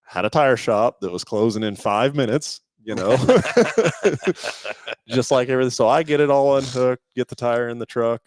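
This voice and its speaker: A man's voice: medium pitch, normal speed, dry recording. A man co-hosting a live auto show, telling a rambling, folksy road-trip story in casual chat.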